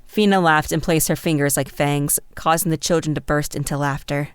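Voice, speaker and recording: A woman narrating a fantasy novel as an audiobook in a measured, even storytelling manner. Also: low-pitched, clear, resonant tone, no room sound.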